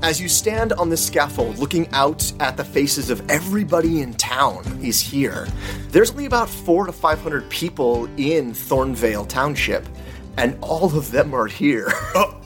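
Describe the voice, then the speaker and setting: A man's voice: on the high side, unhurried, music in the background. Game master, male, casual descriptive narrator. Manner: relaxed, descriptive, with fillers.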